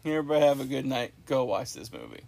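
A man's voice: medium pitch, wildly swooping pitch, fast talker, gravelly, darkish tone. Rambling, enthusiastic podcast host man. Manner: rambling, enthusiastic, many restarts. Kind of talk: casual chat.

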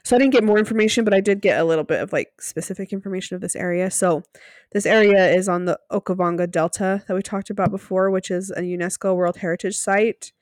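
Brief: casual woman co-host, mid pitch, laughs a lot, dry sound. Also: a little mellow, no room sound. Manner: chatty, laughs often while retelling. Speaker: podcast co-host. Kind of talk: casual recap chat.

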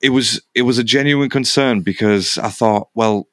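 A man's voice: medium pitch, normal speed, a bit bright, no echo, clean studio sound. A man co-hosting a casual sports podcast as an Arsenal fan, rambling and repeating himself with lots of fillers.

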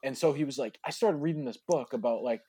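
A man's voice: mid-range voice, fast talker, dark tone, slightly rough, no echo. A man casually retelling a bar story with a friend, slangy and profane, acting out the people he quotes.

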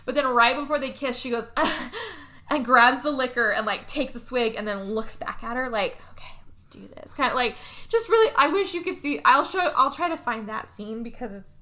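Recapping a movie on a podcast she co-hosts, this woman keeps the chat casual and lively, performing characters' lines in plenty of acted-out voices. She speaks at a fairly high pitch and a little fast.

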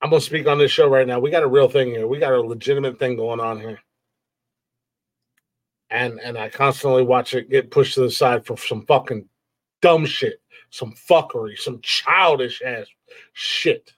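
A man hosting a live show who rants with heavy swearing and keeps circling back to the same complaints. His voice sits at an ordinary pitch and sounds dry and close to the mic. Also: steady tone, a little fast, no echo. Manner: heated, profane, repetitive, frustrated. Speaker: podcast host. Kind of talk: profane live-stream rant.

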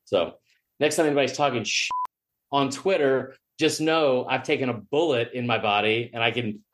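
A sports media personality appearing as a podcast guest tells a long, casual story at normal speed. He's an animated storyteller who acts out the other people with jumps in pitch, joking and swearing along the way.

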